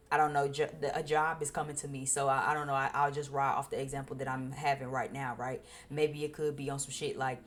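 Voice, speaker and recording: Low-voiced, blunt, profane woman tarot reader. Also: slight background noise. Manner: blunt and profane, repeating phrases for emphasis. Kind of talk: casual spoken tarot reading.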